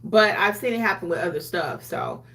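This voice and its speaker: With a noisy background behind her, this woman talks at a normal speed in a lowish voice that swings hugely in pitch. She's a notary educator and YouTube host teaching casually to camera, chatting away and mimicking clients' lines.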